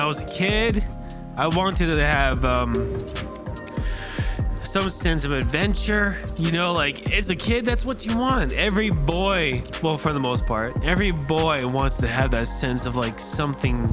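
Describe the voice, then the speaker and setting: A man giving casual reaction commentary on a movie trailer, excitable and rambling as he talks. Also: on the high side. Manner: excitable and rambling, with many fillers and restarts.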